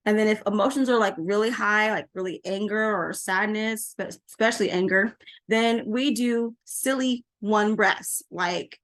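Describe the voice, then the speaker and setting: A middle-aged woman giving parenting advice to camera in a casual, animated way, laughing often and repeating phrases for emphasis. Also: mid-range voice, moderate pace. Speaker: parenting coach.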